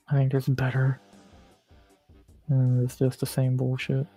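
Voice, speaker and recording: A man's voice: medium pitch, completely flat delivery, unhurried, mellow, breathy edge, faint music behind. A man streaming live, muttering and swearing casually as he plays through quizzes, saying he's losing his voice. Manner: mutters and swears at quiz questions.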